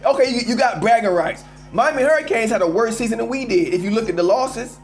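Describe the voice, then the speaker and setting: Male call-in host, very high voice, emphatic and animated, faint music under him. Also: quick pace. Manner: animated, emphatic, addresses listeners as y'all. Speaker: host of a live call-in show. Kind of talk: casual sports rant.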